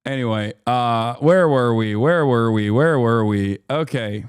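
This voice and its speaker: A man's voice: mid-range voice, unhurried, clear, resonant tone, dry recording, studio quality. A man hosting a live-stream, reacting to a video with blunt, exasperated commentary and some swearing. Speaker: streamer host.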